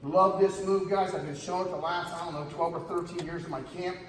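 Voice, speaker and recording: A man's voice: high voice, steady tone, a little fast. A middle-aged man coaching wrestling at a camp, telling a story animatedly, often calling his listeners "guys" and raising his voice for emphasis. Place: large gym hall. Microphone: camera far from speaker. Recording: echoey gym, distant camera, audible room noise.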